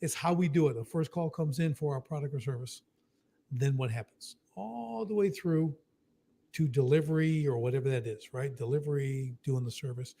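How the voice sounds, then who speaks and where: A man's voice: mid-range voice, mellow, slight background noise. A man explaining business strategy in a casual, emphatic way, often tagging "right?" and acting out short exchanges. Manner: emphatic, keeps adding "right?", acts out quick dialogue. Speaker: business coach.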